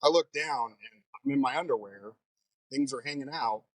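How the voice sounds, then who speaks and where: A man who teaches fire training, telling stories in a casual interview in a lively way. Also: medium pitch, normal speed, dry recording, low-quality recording. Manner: animated storyteller.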